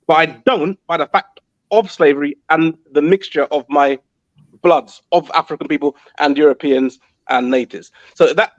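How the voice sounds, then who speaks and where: A man calmly explaining his view in a measured, somewhat halting way during a debate. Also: fairly high pitch, no room sound, dull audio. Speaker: panel participant. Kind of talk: casual debate.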